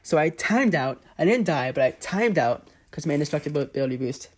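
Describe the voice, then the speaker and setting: A man's voice: a little high, lively intonation, a little fast. A man giving casual play-by-play commentary over his own mobile game footage, often exasperated. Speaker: gaming channel host.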